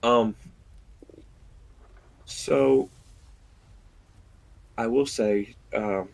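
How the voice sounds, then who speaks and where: A man narrating a tabletop game as dungeon master, describing scenes slowly and deliberately with pauses. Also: mid-range voice, gravelly, poor audio.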